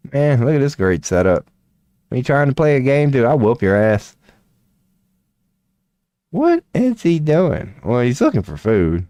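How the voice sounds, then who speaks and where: A man's voice: on the high side, big pitch swings, normal speed, warm tone, no room sound. A man streaming casually from a small room at home, swearing, laughing and talking to a mouse. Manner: profane, laughing, talks to a mouse. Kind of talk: casual solo stream chat.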